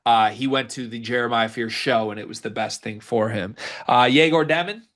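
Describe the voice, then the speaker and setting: A man's voice: medium pitch, fairly bright tone. Emphatic male sports podcast co-host. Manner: emphatic, rapid-fire scouting takes. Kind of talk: casual sports podcast banter.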